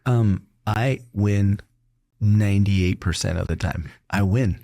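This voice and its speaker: Low gravelly man, laughing storyteller. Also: slow pace, no echo, clean studio sound. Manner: animated storyteller who laughs often and acts out quotes. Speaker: doctor and podcast host. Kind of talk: casual conversational interview.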